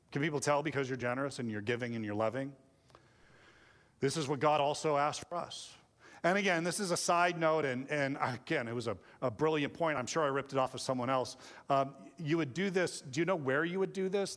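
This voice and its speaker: A man preaching a sermon in lively storytelling fashion, acting out kids and parents along the way. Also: on the high side. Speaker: pastor. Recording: long hall reverb.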